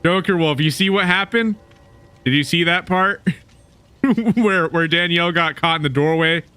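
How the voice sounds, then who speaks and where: A man's voice: a little high, normal speed, bright, forceful tone, clean tone. A man streaming a video game, chatting casually with viewers and teammates and laughing often. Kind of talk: casual gaming stream chat.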